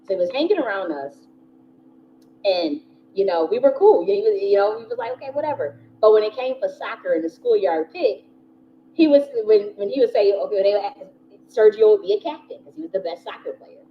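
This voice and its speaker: A woman's voice: medium pitch, big pitch swings, brisk. A woman telling a rambling personal story in a casual way, with lots of fillers, frequent laughter and free swearing. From United States. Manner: chatty, laughs often, many "you know" fillers, swears freely. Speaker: spiritual teacher and channel host. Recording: slightly dull recording with faint background hiss.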